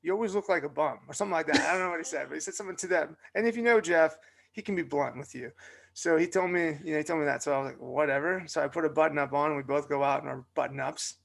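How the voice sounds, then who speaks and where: A man's voice: fairly high pitch, racing, vocal fry, fairly bright tone. A young adult man, co-hosting a podcast and telling a long story in a chatty, filler-heavy way. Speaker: podcast co-host. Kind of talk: casual storytelling chat.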